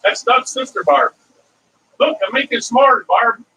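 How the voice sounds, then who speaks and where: A man's voice: extremely high pitch, lively intonation, moderate pace, sharp tone. Chatty middle-aged man cooking, heard from a distance. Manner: rambling, chatty, wandering off into stories. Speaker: cooking vlog host. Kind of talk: casual cooking demonstration, talking to viewers. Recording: distant mic with faint ambient noise.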